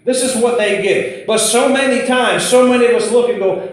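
Male preacher, higher voice, folksy storytelling sermon, heavy room echo. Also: normal speed. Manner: conversational, storytelling, repeats himself. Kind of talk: informal sermon. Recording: very echoey room.

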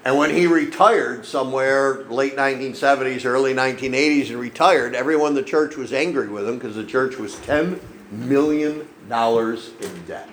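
A man's voice: medium pitch, normal speed, reverberant, slight background noise, poor audio. A man preaching a sermon in a folksy storytelling way, often checking in with the congregation with "okay?". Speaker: pastor. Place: church.

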